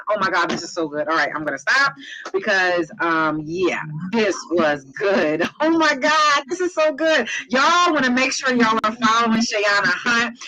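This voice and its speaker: A woman's voice: a little high, rough recording. A woman hosting an online interview, gushing and repeating phrases as she talks. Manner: effusive, repeating phrases like "I'm telling you" and "excited". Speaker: host.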